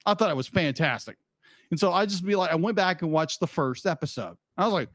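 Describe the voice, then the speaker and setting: A man's voice: a little high, expressive, fairly quick, fairly bright tone, no echo. Rambling man co-hosting a podcast. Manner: rambling, frequent restarts and "be like" asides. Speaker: podcast co-host. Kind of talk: casual chat.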